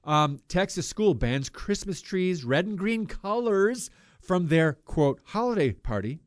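A fairly high-pitched man hosts a Christian radio talk show into a studio microphone. He preaches with heat, jumping from loud outbursts to quiet, muttered asides. The sound is dry and close. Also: very animated, unhurried, dry recording. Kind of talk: impassioned talk radio commentary.

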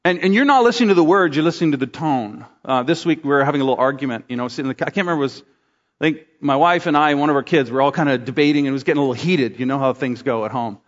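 A man's voice: mid-range voice, very fast. A middle-aged man, a pastor, delivering a conversational sermon with acted-out asides. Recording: dull sound in a large reverberant room.

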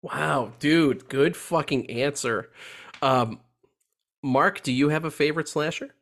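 A man hosting a podcast in casual chat, animated and profane, joking with his co-hosts. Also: fairly high pitch, slow pace. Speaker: podcast host.

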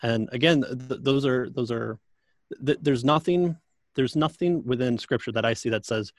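Man talking in a dry, halting way. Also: medium pitch, no echo. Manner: halting, thoughtful, with frequent restarts. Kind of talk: casual conversation.

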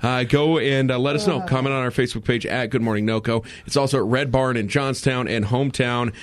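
A man's voice: mid-range voice, fairly even intonation, a little fast. Joking male radio host. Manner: jokey, rambling, self-deprecating. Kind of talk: casual on-air chat.

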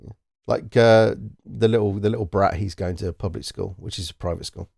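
A man chatting casually as a podcast co-host, animated and joking, with frequent restarts. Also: on the low side, a little fast, gravelly, no echo, studio quality. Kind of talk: casual chat.

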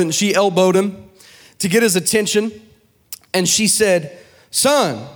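Delivering a sermon before a live congregation, this young man shifts from relaxed storytelling to chanting and shouting at the peaks. He has a high voice.

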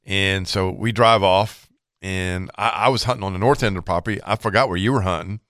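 A man co-hosting a fishing show, telling a long hunting story in a relaxed, chatty way and acting out what each person said. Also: deep voice, brisk, no room sound, studio quality. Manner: animated storyteller, acts out quoted exchanges. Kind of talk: casual storytelling.

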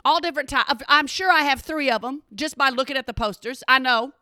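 Bright, animated woman telling a story. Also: high voice, a little fast, dry recording, studio quality. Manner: animated, exasperated, talks straight to listeners. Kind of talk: comedic storytelling monologue.

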